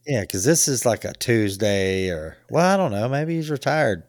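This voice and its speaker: A man's voice: mid-range voice, sing-song, moderate pace, no room sound, studio quality. A man co-hosting a casual chat, telling stories in a laid-back way and laughing often.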